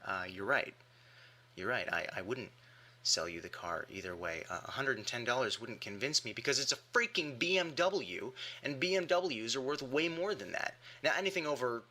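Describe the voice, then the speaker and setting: A man's voice: medium pitch, lively intonation, moderate pace, pushed and bright. A man delivering an argumentative rebuttal monologue with emphatic rhetorical questions. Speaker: atheist commentator.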